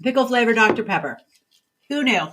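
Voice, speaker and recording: A woman's voice: on the high side, lively intonation, brisk, fairly bright tone, a little hiss or hum. A woman hosting a podcast, chatting casually with a guest and running the sign-off in an upbeat way. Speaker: podcast host. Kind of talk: casual chat. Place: indoor room with a guest and small audience.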